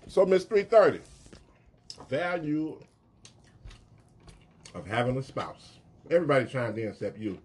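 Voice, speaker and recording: A man in a middle register moderates the group and keeps things moving. His pitch rises and falls with plenty of life. He sounds playful as he calls on people. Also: sing-song, measured pace, pauses often, darkish tone. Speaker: host. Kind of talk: casual chat.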